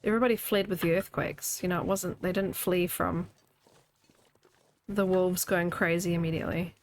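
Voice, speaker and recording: A woman's voice: fairly low pitch, steady tone, moderate pace, slight background noise. Kiwi lady in her 30s w a bit of scottish in her accent, chatty gaming stream, laughs a lot, talks to chat. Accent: New Zealand with a slight Scottish tinge. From New Zealand. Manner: chatty, laughs often, reads chat aloud. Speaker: game streamer. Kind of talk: casual gaming commentary. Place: home room.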